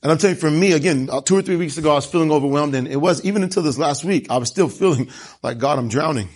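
Male pastor, lively sermon delivery, voice a bit higher than most men. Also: racing. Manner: animated storytelling with rhetorical questions.

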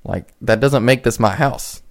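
A man's voice: mid-range voice, measured pace, vocal fry. A man in his twenties hosting a solo podcast, talking casually and rambling with frequent restarts. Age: 20s. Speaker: podcast host.

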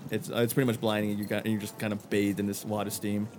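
A man's voice: on the low side, flat delivery, racing, a crowd in the background. A man narrating a tabletop game as game master, loose and rambling with many fillers.

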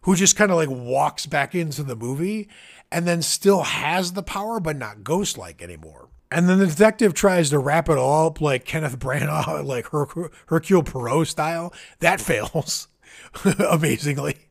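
A man on a podcast, casually retelling a film's plot with lively energy and lots of "like". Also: a little high, normal speed, vocal fry. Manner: animated storyteller, acts out quoted lines, frequent "like". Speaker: podcast co-host. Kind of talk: casual film discussion.

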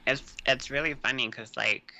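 A man co-hosting a casual podcast, relaxed and amused, explaining things and adding quick agreements. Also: medium pitch, dull audio. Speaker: podcast co-host. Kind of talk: casual chat.

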